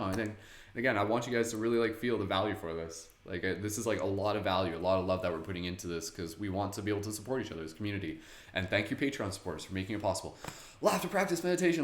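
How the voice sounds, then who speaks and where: A fairly low-voiced man hosts a live-streamed guided meditation, talking in a casual, chatty way and laughing often. His voice carries through an echoey room. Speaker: meditation host.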